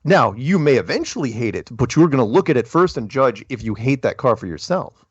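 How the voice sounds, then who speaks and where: A man hosting a casual call-in podcast, talking in an animated way with frequent chuckles and restarts. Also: mid-range voice, brisk, husky, dry recording, dull audio. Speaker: podcast host.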